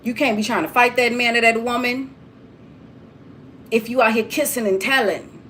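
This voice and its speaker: A woman with a high-pitched voice preaches straight to her viewers. She lectures with blunt emphasis and keeps circling back to the same phrases. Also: normal speed, pushed and bright, slight background noise. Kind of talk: preachy straight-talk monologue.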